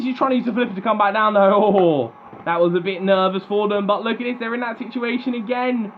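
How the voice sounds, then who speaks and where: A young man doing excitable play-by-play commentary on a robot combat match, animated and chatty. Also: high-pitched, a little fast, narrow, tinny audio, a little hiss or hum.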